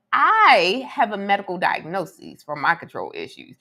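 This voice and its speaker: A woman's voice: mid-range voice, huge pitch swings, normal speed, vocal fry, hardly any pauses, sharp tone. A woman co-hosting a podcast, teasing and bantering playfully with her partner. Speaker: podcast co-host. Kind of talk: casual chat.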